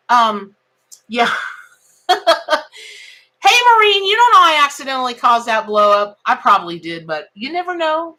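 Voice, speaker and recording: A woman's voice: fairly high pitch, bright, forceful tone. A woman giving a live tarot reading, chatting folksily with viewers and greeting them by name. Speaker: tarot reader.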